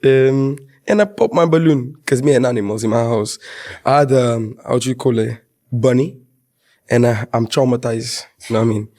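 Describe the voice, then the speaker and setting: Mellow-voiced man, halting speech. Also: mid-range voice. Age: 30s. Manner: halting, simple phrasing. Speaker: dating show contestant.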